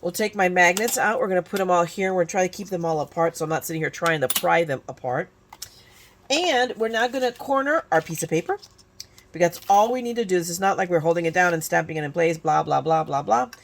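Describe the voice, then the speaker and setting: Woman, 50s, from California, chatty crafting vlog, self-mocking, low-pitched voice. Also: fast, creaky, a little hiss or hum. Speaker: crafting YouTuber. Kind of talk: casual crafting tutorial chat.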